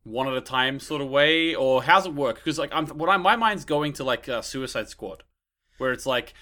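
Curious man with a bright voice. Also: mid-range voice, a little fast. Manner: inquisitive, asks questions. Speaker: podcast co-host. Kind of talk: casual movie chat.

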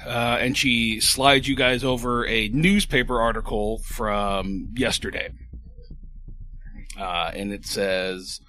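A man narrating as game master of a tabletop horror game, in a relaxed, rambling way with many fillers. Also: medium pitch, slow pace, faint music behind.

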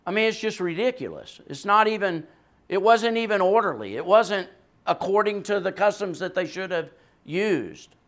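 A man preaching a sermon with a voice that carries, swinging from hushed, quiet passages to loud, emphatic ones. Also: high voice, expressive, normal speed.

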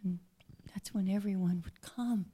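A woman preaching a sermon earnestly, often dropping to a hushed near-whisper. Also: medium pitch, steady tone, measured pace, husky.

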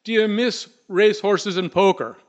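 A man voicing a fretful, excitable fellow who fires off urgent questions, in a dull lo-fi recording. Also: high-pitched, pitched above the performer's own voice, close to an everyday voice. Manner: urgent, rapid-fire questioning.

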